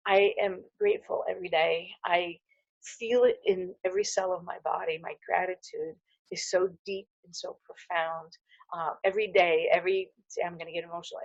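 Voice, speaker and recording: A woman's voice: medium pitch, no echo, highs cut off. A middle-aged woman giving a casual, heartfelt wellness talk to camera, earnest and full of fillers and restarts. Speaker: holistic dental hygienist.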